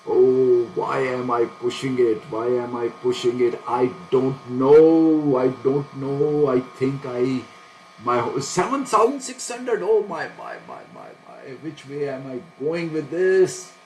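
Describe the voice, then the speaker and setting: A man's voice: medium pitch, expressive, slow, a little mellow, rough recording. A man thinks aloud in a mid-range voice, anxious and full of questions for himself, with nervous laughs breaking in. He talks straight to his viewers as he trades live. A faint hiss of noise sits behind him.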